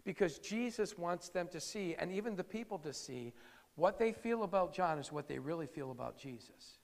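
A man with a high, gravelly voice preaches a sermon. He talks in a conversational, emphatic way and acts out the quotes he reads. The sound carries a long hall reverb. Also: lively intonation, moderate pace. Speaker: pastor.

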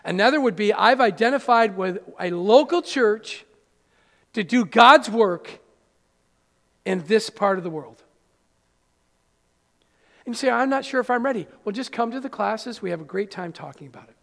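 A man preaching a sermon as pastor in a church, animated and acting out little scenes. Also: high voice, unhurried, vocal fry, pauses often. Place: church sanctuary. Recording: church hall reverb.

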